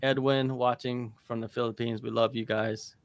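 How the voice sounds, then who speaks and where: A man's voice: mid-range voice, little pitch movement, normal speed. A man hosts a casual watch-along stream, reading out viewer names and comments with a joking, easygoing delivery. His voice sits in an ordinary middle register. The sound is dry and close, with almost no room echo. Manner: joking, reads viewer names and shout-outs aloud.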